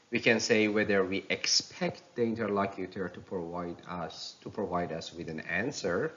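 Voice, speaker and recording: Slow, animated male pronunciation teacher. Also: lowish voice, muffled recording. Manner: slow and explanatory, reading examples aloud. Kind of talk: recorded lecture.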